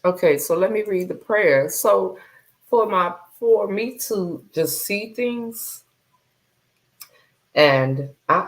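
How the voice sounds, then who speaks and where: Brief: woman live-streaming host, lowish voice, loose and chatty, greets viewers, repeats phrases. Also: lively intonation, slow. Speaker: livestream host. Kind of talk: casual livestream chat.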